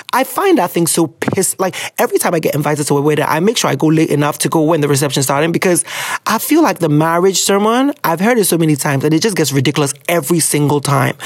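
A Ghanaian woman hosting an advice podcast, reading listener letters and reacting with sarcastic, profane, animated chat. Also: deep voice, dry recording, clean studio sound. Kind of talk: casual chat.

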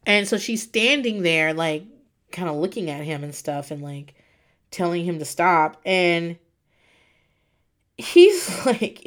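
A woman recapping in casual chat, animated, laughing often and swearing freely. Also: lowish voice, slow, long pauses. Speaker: podcast host recapping reality TV.

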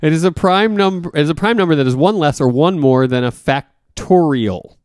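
A man's voice: fairly high pitch, normal speed, darkish tone, clean tone. A man co-hosting a podcast in casual comedic chat, playfully teasing his co-host. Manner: playful teasing, sing-song bits.

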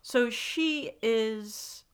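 A woman hosting a podcast in casual chat, jokey and quick to laugh. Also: fairly high pitch, background noise. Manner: chatty, jokey, laughs often. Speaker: podcast host.

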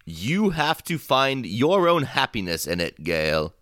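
A man's voice: mid-range voice, sing-song, measured pace, a bit bright, no echo, studio quality. A man voicing a stern, duty-bound male family patriarch who lectures solemnly during a tabletop role-play.

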